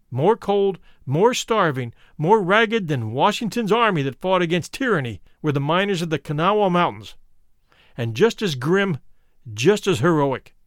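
A man giving a dramatic, expressive reading of a first-person memoir. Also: on the high side, no echo, studio quality. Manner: expressive, shifts to stirring emphasis. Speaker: reader.

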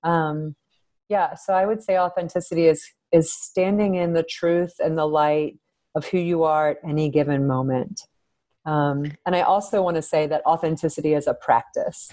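A woman's voice: low voice, steady tone, moderate pace, mellow. A woman psychologist as a podcast guest, speaking earnestly and reflectively and thinking aloud with frequent fillers. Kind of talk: podcast interview.

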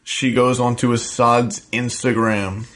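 A man's voice: medium pitch, little pitch movement, fairly bright tone. Laid-back man chiming in. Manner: short interjections and quick agreement. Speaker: podcast co-host. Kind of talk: casual chat.

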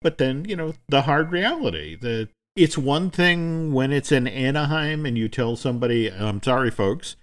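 A man co-hosting a chat show, telling a story at length in a halting, conversational way with many restarts. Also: a little high, expressive. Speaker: podcast co-host. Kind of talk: casual chat.

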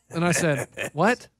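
A male radio host with a high, bright-sounding voice tells stories in loose, casual chat. He gets animated and loud as the story heats up. The sound is close and dry. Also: no room sound.

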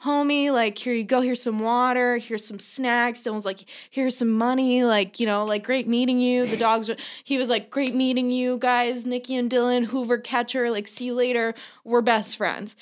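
A young woman co-hosting a podcast, telling a long, animated anecdote in casual chat, full of fillers and swearing. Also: a little high, moderate pace, hardly any pauses. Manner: animated storyteller, filler-heavy, swears freely. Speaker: podcast co-host.

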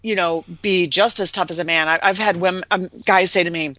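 As a guest in a casual interview, a middle-aged real estate investor tells stories with animation, performing quoted voices in a sweet, high tone. Her delivery is fairly quick, and the recording is dry.

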